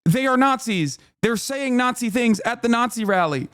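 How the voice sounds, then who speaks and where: Indignant high-voiced male streamer. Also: moderate pace, clear, resonant tone. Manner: animated and indignant, swears, laughs often. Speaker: streamer reacting to a clip. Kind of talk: casual live-stream commentary.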